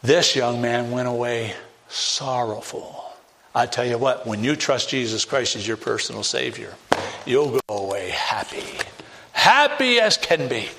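A man's voice: medium pitch, steady tone, unhurried, gravelly, a bit bright. Fervent preacher man. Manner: fervent, rising to emphatic peaks, direct questions to listeners. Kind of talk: evangelistic sermon.

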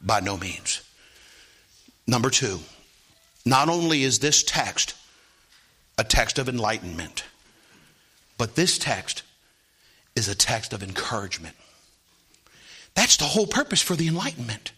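A man preaching a sermon, often asking the congregation "Amen?" and swinging from hushed tones to loud rising calls. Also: mid-range voice, big pitch swings, unhurried, pauses often, husky. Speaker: pastor.

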